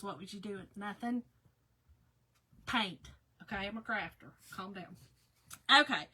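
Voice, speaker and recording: Chatty Southern woman, bright voice. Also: medium pitch, husky. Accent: Southern American. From Southern United States. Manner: chatty, laughs often, greets viewers by name. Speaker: craft livestream host. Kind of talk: casual livestream chat with viewers.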